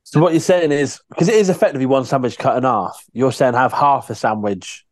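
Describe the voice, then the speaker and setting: A man's voice: mid-range voice, no echo. Male co-host, eager teasing banter, dry close sound. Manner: eager, teasing, quick to laugh. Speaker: podcast co-host. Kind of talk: casual banter.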